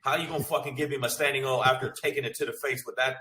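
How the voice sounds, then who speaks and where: A man's voice: mid-range voice, fairly even intonation, very fast, sharp tone. A man, a comedian ranting profanely on a podcast. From Brooklyn, New York. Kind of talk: heated casual chat. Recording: echoey room, mic at a distance, faint noise.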